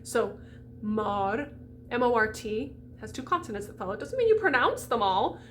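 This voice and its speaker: A woman's voice: fairly high pitch, big pitch swings, fairly quick, faint music behind. Chatty, emphatic woman voice coach. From United States. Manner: chatty, emphatic, demonstrates sounds aloud. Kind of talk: pronunciation lesson for singers.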